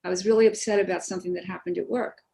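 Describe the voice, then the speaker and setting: A woman, a therapist guest on a podcast, talking in a lively storytelling way and acting out bits of dialogue. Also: fairly low pitch, rapid-fire, vocal fry. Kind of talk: podcast conversation.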